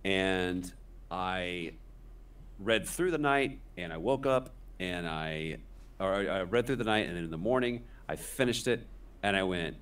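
A man's voice: low-pitched, lively intonation, unhurried, fairly bright tone, clear, resonant tone, far from the mic. A man in his forties, a podcast guest, telling a rambling, self-deprecating story in casual conversation.

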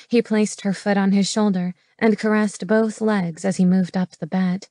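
A woman narrating a romance audiobook in a measured, intimate reading from a studio booth on a close mic. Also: medium pitch, fairly even intonation, warm tone, no echo.

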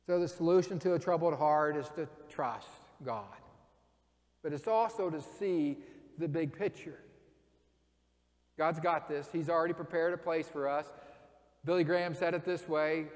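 A man preaching a sermon in a church, telling a story and acting out the voices in it. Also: on the high side. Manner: storytelling, acts out quoted voices. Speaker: pastor. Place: church sanctuary. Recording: long reverb of a church hall.

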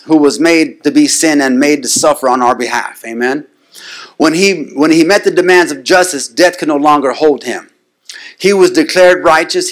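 In a higher, slightly bright voice, a preacher punctuates his sermon with frequent call-and-response "amen?" and climbs toward insistent, repeated declarations.

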